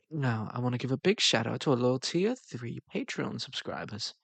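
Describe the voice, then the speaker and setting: A man's voice: mid-range voice, lively intonation, moderate pace, creaky, a bit bright, no room sound. A man hosting his channel, giving a casual, playful and flirty outro and laughing often. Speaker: channel host.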